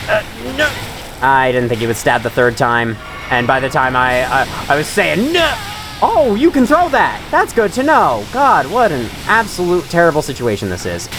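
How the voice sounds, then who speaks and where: Male let's-play host, chatty and jokey, pitch a touch high and bouncing all over, quick to laugh. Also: background noise. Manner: chatty, joking, laughs often. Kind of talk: gaming commentary.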